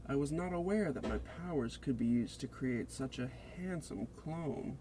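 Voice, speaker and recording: A man's voice: medium pitch, expressive, moderate pace, background noise, close to an everyday voice. A man reading the lines of a cocky male fighter with electric powers, in his own plain voice and without an accent. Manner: plainly read, no accent attempted.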